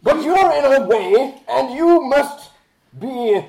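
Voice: sits high, expressive, slow pace, vocal fry, a little mellow, reverberant, voice pushed up, full character voice, rough recording. A tabletop player voicing a proud male warrior who speaks in a haughty, refined way. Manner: pompous, theatrical.

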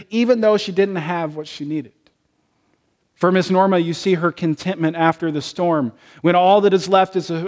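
A man, a pastor, preaching a sermon and telling personal stories in a conversational way. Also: fairly high pitch. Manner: conversational storytelling, personal anecdotes.

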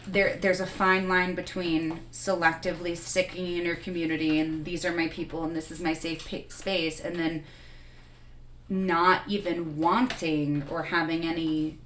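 A woman guest on a radio talk show, speaking earnestly in a halting way with frequent restarts. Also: fairly low pitch, little pitch movement, a bit bright, reverberant, a little hiss or hum. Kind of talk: casual conversation.

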